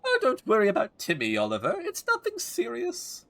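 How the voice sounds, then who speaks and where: A man's voice: sits high, wildly swooping pitch, normal speed, a bit bright, pitched above the performer's own voice, heavily acted. A man voicing a doting elderly woman who fusses over her cat in a sweet, cooing way.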